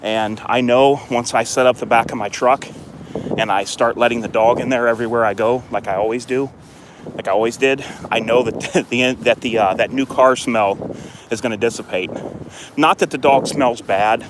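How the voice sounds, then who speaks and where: Man, casual rambling vlog, outdoors with his dog, handheld phone, faint street noise. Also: moderate pace. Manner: chatty and rambling, lifts his voice high for dog praise. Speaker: dog owner vlogger. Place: outdoors by a fenced court.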